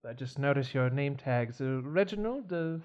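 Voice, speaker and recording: A man's voice: medium pitch, expressive, normal speed, dull audio, lightly acted. A man doing a posh, kindly old flight attendant. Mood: courteous. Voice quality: fancy, posh put-on voice. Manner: gentle and courteous. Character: aging male flight attendant, kind, proper.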